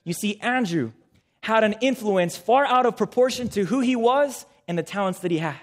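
A man's voice: high voice, expressive, moderate pace. A young man preaching a sermon, engaging the audience with questions and calls for responses.

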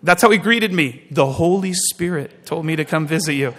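Male pastor, high voice, storytelling sermon, slows for emphasis, big hall reverb. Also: a bit bright.

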